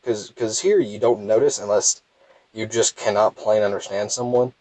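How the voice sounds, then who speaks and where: Young man, thick Southern drawl, lowish voice, rambling let's-play commentary, dry close mic. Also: fairly even intonation, normal speed, darkish tone, no echo, rough recording. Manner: rambling, self-deprecating, many restarts. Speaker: gameplay commentator.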